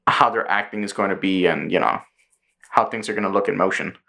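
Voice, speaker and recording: A man's voice: low-pitched, brisk, gravelly. A man co-hosting a podcast in casual chat, telling stories and acting out the people he quotes. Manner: animated storyteller, acts out quoted people, swears freely. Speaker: podcast co-host.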